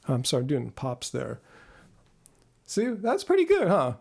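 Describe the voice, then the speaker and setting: A channel host runs a live Q&A chat on his channel, talking into a close studio mic. His fairly high voice swoops wildly in pitch at a measured pace, with vocal fry and a breathy edge. He rambles, runs himself down, and uses lots of fillers.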